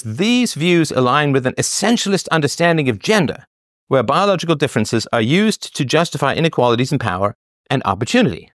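A man hosting a solo show, arguing his point in animated, sarcastic commentary with laughing asides. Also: on the high side, dry recording, studio quality. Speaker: host.

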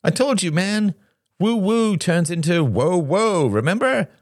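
A man's voice: high-pitched, expressive, measured pace, no room sound, studio quality, voice pushed up. A man voicing a young man who teases his friend in a joking way. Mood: teasing. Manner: teasing, joking.

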